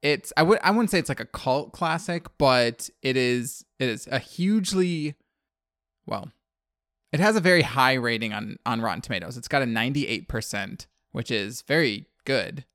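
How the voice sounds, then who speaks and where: A male podcast co-host chats casually about a film. He wanders and restarts his thoughts as he goes. His voice sits at a middle pitch and sounds dry and close, with no room echo. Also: expressive, moderate pace, a bit bright. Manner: rambling, self-correcting.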